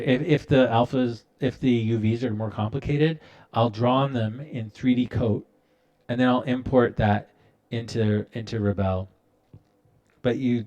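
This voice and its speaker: A man's voice: fairly low pitch, darkish tone. A man hosting a casual live-stream art tutorial, talking loosely with many fillers and restarts while he works at his computer.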